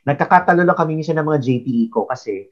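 A man's voice: a little high, animated. A man with a Filipino accent, an English teacher telling classroom anecdotes in a casual chat. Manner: brisk anecdotal storytelling. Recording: dull lo-fi sound.

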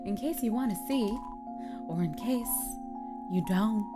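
A woman voicing a sad, shy, timid ghost in a video game, speaking quietly and hesitantly and apologizing often. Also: mid-range voice, a little slow, over loud music, natural voice.

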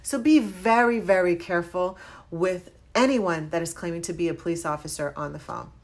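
A woman realtor telling viewers about a scam call in a casual, earnest vlog, animated as she warns them. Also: fairly low pitch, moderate pace.

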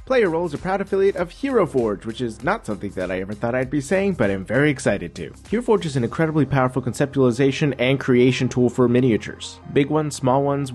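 A man's voice: mid-range voice, darkish tone. A man doing an upbeat, enthusiastic sponsor read for a channel. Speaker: ad reader.

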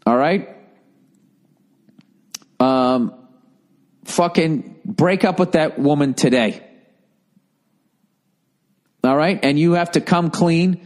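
A middle-aged American man hosting a podcast, reading a listener's letter aloud and answering with profane, mocking comic advice. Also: fairly high pitch. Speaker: podcast host giving advice. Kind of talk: casual comic advice rant.

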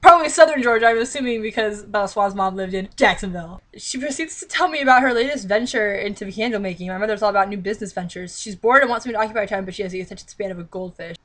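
A woman's voice: mid-range voice, very fast, hardly any pauses, a bit bright. A woman vlogger reading a novel aloud and breaking off into exasperated, sarcastic commentary. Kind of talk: read-aloud with mocking commentary.

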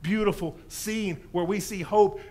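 A man preaching a sermon in a church, telling a story with lively animation and acting out the voices in it. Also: high voice, a little slow. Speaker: pastor.

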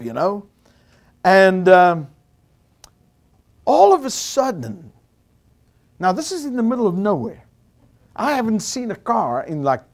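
A South African man preaching a storytelling sermon to a Bible college audience, animated and rising to shouts at the high points.

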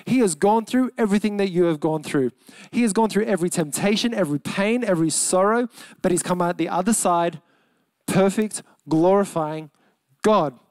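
Preaching with an Australian accent, a young adult man whose voice sits high delivers an earnest, emphatic sermon as a pastor. He eases off and softens on key words, and the recording has no room sound.

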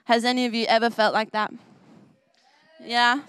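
A woman's voice: a little high, little pitch movement, moderate pace, a bit bright, clean tone, dry recording. A young woman leading a children's church message, bubbly and full of questions for the kids. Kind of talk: kids' sermon. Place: church service.

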